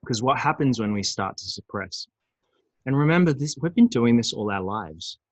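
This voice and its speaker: A man presenting a recorded webinar on emotions, animated and acting out angry outbursts. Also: mid-range voice, normal speed, no room sound, low-quality recording. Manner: animated, acts out angry voices.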